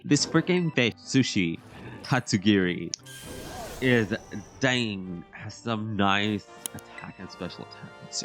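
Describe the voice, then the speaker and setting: A man's voice: on the low side, a bit bright. A man casually commenting on his own gameplay, rambling, poking fun at himself and laughing often.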